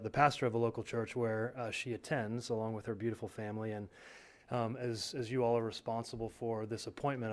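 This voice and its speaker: A man who is a pastor giving a steady, earnest public comment at a school board meeting. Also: fairly low pitch.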